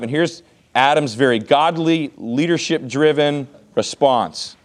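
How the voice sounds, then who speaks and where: A man in his thirties teaches a Bible class in an easy, conversational tone. He keeps asking his listeners questions and checking in with "okay?". His voice sits in an ordinary middle pitch. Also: animated, normal speed.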